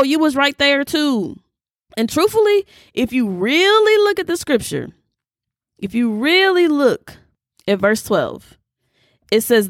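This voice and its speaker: A woman hosting a podcast, teaching scripture in a casual, animated way and talking straight to her listeners. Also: sits high, unhurried, no room sound, studio quality.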